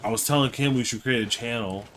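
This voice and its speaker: A man's voice: mid-range voice, quick pace, fairly bright tone, slight background noise. Rambling chatty man streaming a game. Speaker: streamer co-host. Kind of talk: casual live-stream chat while gaming.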